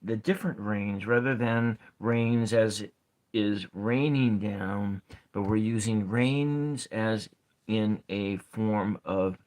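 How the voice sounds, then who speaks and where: A man giving a soft-spoken ASMR lesson at his writing desk, thinking aloud as he counts syllables and spells out words. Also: lowish voice. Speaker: ASMR poetry teacher. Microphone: camera set over his desk.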